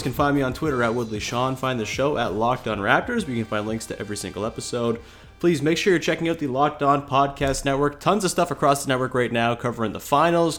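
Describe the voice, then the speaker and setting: A man's voice: medium pitch, fairly bright tone. A young man hosting a casual sports podcast, congested with a cold and talking in loose, filler-heavy sentences. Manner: chatty, many fillers and restarts. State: stuffy nose from a cold. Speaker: podcast host.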